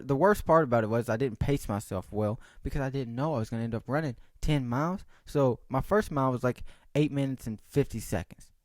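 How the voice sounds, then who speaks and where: A young man delivers a casual solo podcast monologue, rambling, swearing, and joking in an animated way. His voice is medium in pitch, and the recording is studio quality with no echo.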